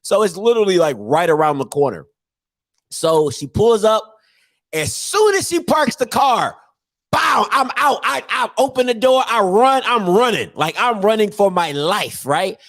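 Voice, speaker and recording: A man tells a funny tale with animated delivery and frequent laughter. His pitch swoops all over the place. The sound is dry and close. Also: a little slow, no echo. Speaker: storyteller. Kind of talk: comic storytelling.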